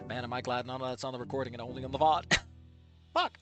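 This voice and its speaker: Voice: mid-range voice, fairly even intonation, quick pace, faint music behind. A streamer ranting in a profane, exasperated way and laughing often as they react on stream.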